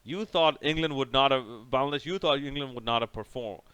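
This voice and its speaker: A man's voice: mid-range voice, brisk, fairly bright tone, clear, resonant tone, dry recording. A young man casually recapping a cricket match over by over, rambling and sarcastic, with many restarts. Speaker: cricket reviewer.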